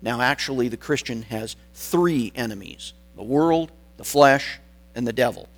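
A man preaching a sermon, stressing key words and pausing for weight between phrases. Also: medium pitch, expressive, poor audio. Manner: deliberate, emphatic phrasing with dramatic pauses.

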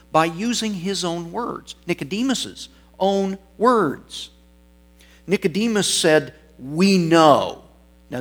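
Slow, deliberate male preacher. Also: medium pitch. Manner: slow, deliberate, stresses key words; corrects himself mid-sentence. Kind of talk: expository sermon.

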